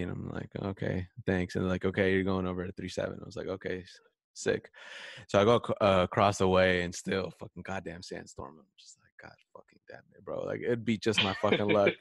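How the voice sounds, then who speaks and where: Deep gravelly laid-back man. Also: steady tone, brisk, no echo, clean studio sound. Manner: laid-back, swears often, laughs while telling stories. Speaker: podcast co-host, Navy corpsman veteran. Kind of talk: casual profane storytelling chat.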